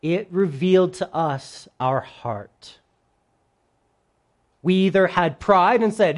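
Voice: medium pitch, animated, slow pace, long pauses. Conversational, joking preacher. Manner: conversational, humorous, asks the congregation questions. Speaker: pastor. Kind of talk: sermon.

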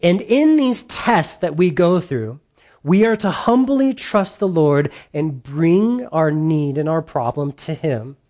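A man's voice: fairly high pitch, a little mellow. Man preaching in a conversational voice. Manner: conversational preaching, repeats key lines, sarcastic mock voices. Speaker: pastor. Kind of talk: sermon.

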